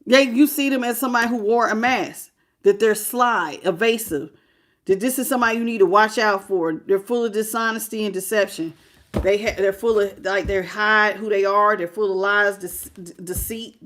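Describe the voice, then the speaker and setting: A woman's voice: medium pitch, fairly even intonation, moderate pace, a bit bright. A woman giving a livestream tarot reading, talking casually and greeting viewers in the chat. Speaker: tarot reader.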